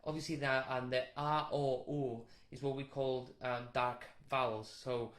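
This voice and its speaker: A man teaching a vocal warm-up, explaining technique with restarts and short sung demonstrations. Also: medium pitch, flat delivery, measured pace, reverberant. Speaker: vocal coach.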